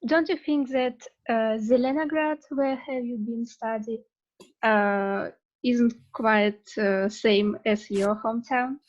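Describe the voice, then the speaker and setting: Slow woman student on a dull line. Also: fairly high pitch, steady tone. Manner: hesitant, with uhs. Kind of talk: asking a question on a video call.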